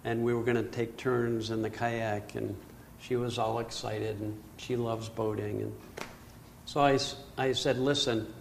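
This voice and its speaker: Gravelly older man telling a story. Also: mid-range voice, measured pace, slight background noise. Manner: animated storytelling that acts out its own panic. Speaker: speaker telling a personal story. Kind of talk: storytelling talk.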